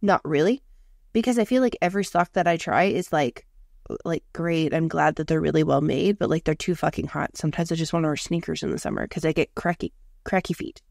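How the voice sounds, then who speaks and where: A deep-voiced woman in her thirties, living in Canada, co-hosts a podcast with talkative casual chat, cursing freely and filling gaps with "like". She speaks fairly quickly with vocal fry and a slightly mellow tone. The sound is dry and studio quality.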